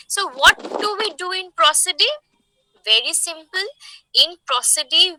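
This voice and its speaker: A woman's voice: high-pitched, sharp tone, no echo, poor audio. A woman teaching a lesson on poetry, explaining step by step and often checking in with "okay?". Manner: slow, emphatic, checks in with "okay?". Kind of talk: classroom lecture on poetry.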